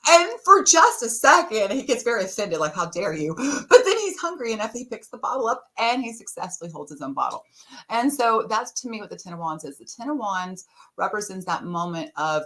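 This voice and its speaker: A woman's voice: fairly high pitch, very animated, brisk. A middle-aged woman guest on a podcast, telling stories casually and laughing often. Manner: warm storyteller, laughs often. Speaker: podcast guest, tarot reader. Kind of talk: casual interview talk.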